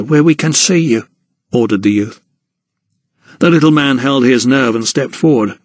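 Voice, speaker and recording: A man reads an audiobook in a measured, steady storytelling voice of middling pitch. The recording is dry and close, with no room sound at all. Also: dry recording. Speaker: audiobook narrator. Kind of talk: scripted narration.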